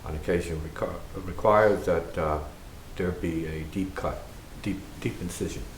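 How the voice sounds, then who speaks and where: A man's voice: sits low, a little slow, a little hiss or hum. A man, a spiritual teacher, speaking reflectively and rhetorically and often checking in with "see?". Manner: rhetorical, keeps asking "see?". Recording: echoey room.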